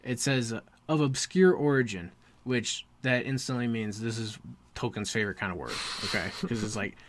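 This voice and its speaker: A man co-hosting a casual book discussion podcast, enthusiastic and quick to laugh, reading passages aloud. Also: medium pitch. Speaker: podcast co-host.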